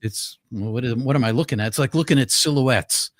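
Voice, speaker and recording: A man's voice: mid-range voice, fairly quick, dry recording. An older man with a mid-range voice recounts a personal story in an earnest, vivid way, often stopping to restart or repeat words. The sound is close and dry with no room around it. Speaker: guest.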